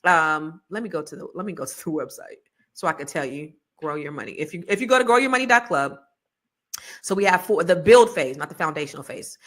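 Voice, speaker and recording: A middle-aged woman hosting a casual livestream, rambling and self-mocking between slangy asides and a sales pitch for a money course. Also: expressive, a little fast. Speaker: host selling a money course.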